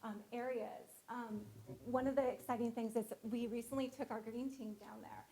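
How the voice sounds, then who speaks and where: Woman counselor, kinda choked up, high-ish mellow voice, talking to a school board. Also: steady tone, moderate pace, poor audio. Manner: emotional, gets choked up. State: teary. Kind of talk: board meeting presentation.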